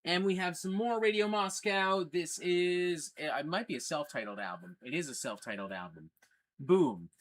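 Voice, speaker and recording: A man's voice: fairly high pitch, lively intonation, normal speed, fairly bright tone. A man hosting a casual livestream, talking enthusiastically and swearing freely. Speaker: livestream host.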